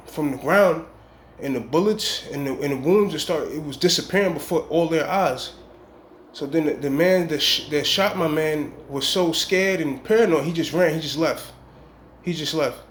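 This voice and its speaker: A man's voice: on the high side, slight background noise. A man telling a long dream story in casual, rambling street slang with emphatic warnings. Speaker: vlogger. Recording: echoey room.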